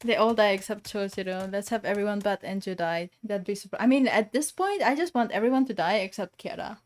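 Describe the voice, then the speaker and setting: A woman streaming a story game, reading its text aloud softly and then breaking into loud, excited reactions. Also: mid-range voice, brisk. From Japan.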